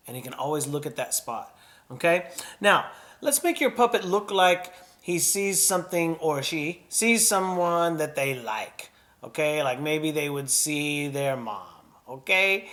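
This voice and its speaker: A man teaching a children's puppetry lesson in a gentle, encouraging way, breathing and sighing aloud to show each emotion. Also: on the high side.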